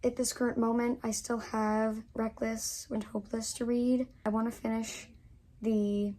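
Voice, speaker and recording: A woman's voice: fairly high pitch, level tone, a little slow, dark tone, a little hiss or hum. A young woman in her twenties chatting casually to camera as a book vlogger, gushing and full of fillers.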